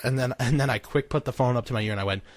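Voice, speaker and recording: A young man co-hosting a podcast, telling a story in an animated, laughing way. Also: mid-range voice, rapid-fire. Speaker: podcast co-host. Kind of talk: casual storytelling.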